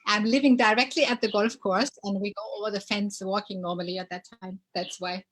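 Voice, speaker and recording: A woman's voice: medium pitch, low-quality recording. A woman from Germany with a German accent, chatting as a guest in an interview and searching for her words. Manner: relaxed, halting, searching for words. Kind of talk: casual interview chat.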